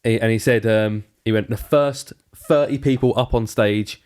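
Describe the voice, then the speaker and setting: A man's voice: medium pitch, steady tone, normal speed, a little mellow. A man co-hosting a podcast, telling a laid-back story, swearing and acting out quotes. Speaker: podcast co-host. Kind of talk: casual chat.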